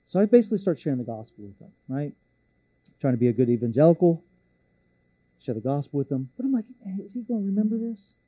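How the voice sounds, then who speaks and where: Male pastor, sermon storytelling, casual and joking, very dark mellow tone, dry sound. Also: medium pitch, sing-song, fast talker, pauses often, breathy edge, dry recording. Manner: casual, joking, self-deprecating.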